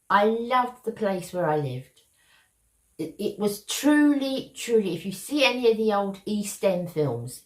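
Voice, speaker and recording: Speaking in a deep voice with a darkish tone, an older Cockney woman from London's East End addresses her viewers affectionately in a beauty vlog. It's a casual chat to camera, and the sound is roomy.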